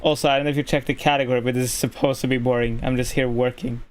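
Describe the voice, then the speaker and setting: A man's voice: mid-range voice, flat delivery, racing. A man from Norway streaming live, ranting at his chat in a profane, irritated way.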